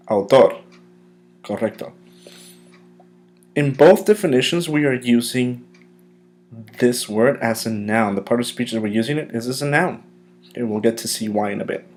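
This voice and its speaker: Man as a patient classroom teacher leading a vocabulary lesson, modeling each word slowly for students to repeat. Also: mid-range voice. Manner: slow, deliberate modeling of pronunciation; patient and encouraging.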